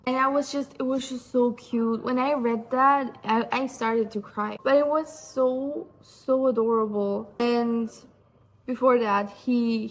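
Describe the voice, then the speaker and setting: A young woman chatting through a book review, enthusiastic and rambling, with lots of fillers. Her voice sits a little high, and she talks casually to her viewers. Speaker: book vlogger.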